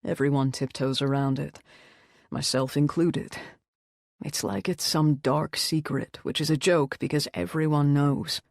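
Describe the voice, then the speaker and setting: A woman voicing a troubled male rockstar who speaks softly in a subdued, confessional tone, in an audiobook. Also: steady tone, a little slow, no room sound, clean studio sound. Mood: reflective. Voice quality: soft, low and subdued. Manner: quiet, confessional. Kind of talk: audiobook character voice.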